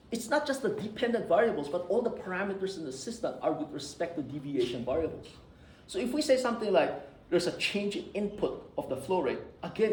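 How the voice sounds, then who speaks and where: Animated male lecturer in an echoey hall. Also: a little high, distant mic, a little hiss or hum. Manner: animated, teasing, asks "did you see?" often. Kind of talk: live classroom lecture with live coding. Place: classroom.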